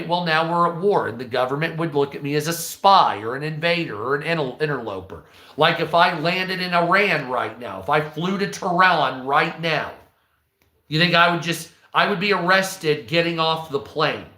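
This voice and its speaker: A man's voice: a little high, expressive, normal speed, sharp tone. An American man hosting a live stream, ranting bluntly and profanely and answering his chat in casual commentary. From United States. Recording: echoey room.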